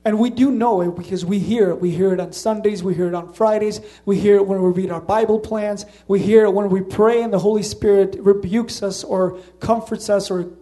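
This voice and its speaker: Preacher, male, light Slavic accent, high and warm-toned, earnest conversational sermon delivery. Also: steady tone, fairly quick, hardly any pauses.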